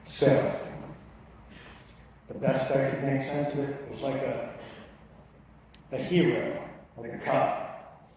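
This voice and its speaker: A man giving a personal church recovery testimony in an earnest, emotional, halting way. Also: medium pitch, fairly even intonation, darkish tone, slight background noise. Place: large church hall. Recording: echoey church hall from far off.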